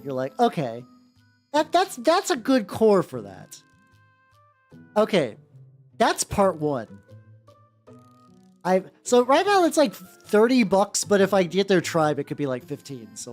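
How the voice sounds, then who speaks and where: Lively, excitable woman streamer. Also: fairly low pitch. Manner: excitable, swears casually, repeats words. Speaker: streamer painting miniatures. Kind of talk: casual live-stream chat.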